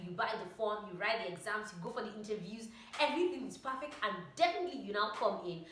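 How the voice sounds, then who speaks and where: A woman vlogger giving a chatty motivational talk to camera, animated and full of "like" and "oh my God.". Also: medium pitch, a little fast, a little hiss or hum. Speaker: vlogger and trainee pilot. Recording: echoey room.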